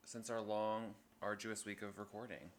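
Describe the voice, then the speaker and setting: A man co-hosting a casual podcast chat, teasing with dry jokes in a relaxed, mid-pitched voice. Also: moderate pace, slight background noise. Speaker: podcast co-host.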